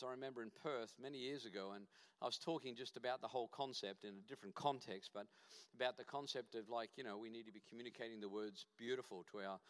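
A man's voice: mid-range voice, fairly bright tone. A man preaching a sermon as a guest pastor, emphatic and fond of short repeated punchy phrases. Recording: reverberant church hall.

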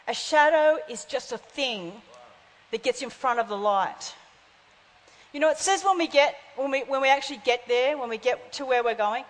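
A woman in her fifties preaching a sermon, telling stories and acting out the voices in them. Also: a little high. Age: 50s. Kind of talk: sermon with storytelling. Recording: long hall reverb.

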